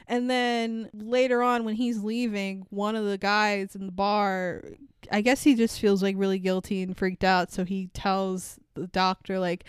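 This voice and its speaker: A woman's voice: mid-range voice, flat delivery, moderate pace, clean tone, dry recording. A woman co-hosting a podcast, chatting casually about a film, swearing freely and laughing often. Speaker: podcast co-host. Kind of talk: casual chat, film review.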